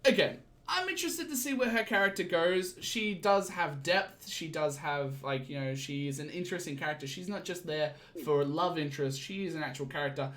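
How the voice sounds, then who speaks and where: A young man hosting a casual chat, recapping a show with stumbles and quick acted-out quotes. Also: a little high, fairly bright tone. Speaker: podcast host.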